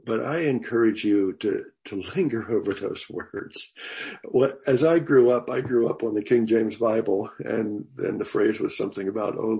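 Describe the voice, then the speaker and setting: An older man teaching a Bible class in a thoughtful, conversational way, pausing and restarting as he goes. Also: on the low side, gravelly, darkish tone.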